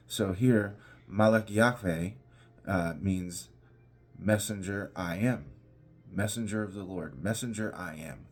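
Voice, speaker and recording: A pastor teaching an informal devotional, talking conversationally with restarts and emphatic repetition. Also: male voice, sits low, a little hiss or hum.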